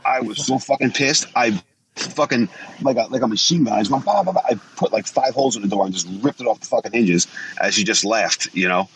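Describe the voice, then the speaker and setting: A former wrestler in his forties, appearing as a podcast guest, casually rambles through blunt stories peppered with profanity. He speaks a little fast in a fairly low, fairly bright voice, on a poor recording with slight background noise.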